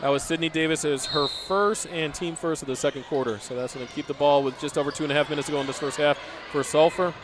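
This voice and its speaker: A man calling a high school basketball game play by play, with excited calls and chatty asides. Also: fast. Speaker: play-by-play announcer. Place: school gym broadcast booth. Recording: noisy gym ambience behind.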